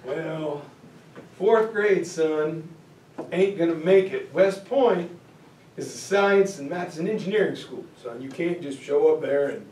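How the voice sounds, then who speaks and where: Brief: gruff, dismissive politician, as a lecturer puts him on, high voice in a roomy space. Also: male voice, a little slow, darkish tone, close to an everyday voice. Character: gruff, dismissive older congressman. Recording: roomy, from far off.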